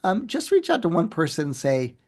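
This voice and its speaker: A man, a professor and author, answering interview questions in an animated, storytelling way with many fillers and restarts. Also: fairly high pitch, a little fast.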